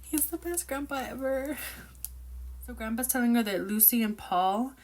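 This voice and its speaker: A woman chatting casually about a novel she is reading, excitable, opinionated and rambling as she reacts. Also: fairly high pitch, moderate pace. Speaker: book reviewer reacting while reading. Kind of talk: casual book reaction chat.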